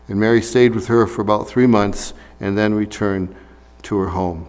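A man's voice: fairly low pitch, fairly even intonation, moderate pace, a little mellow, smooth, long reverb tail. A man preaching a sermon as a pastor, talking casually with fillers and reading scripture aloud.

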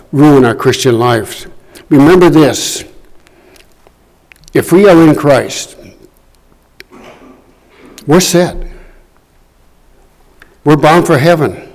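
Slow, deliberate man preaching. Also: fairly high pitch, low-quality recording. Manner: slow, deliberate, reading scripture aloud. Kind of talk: sermon. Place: church room.

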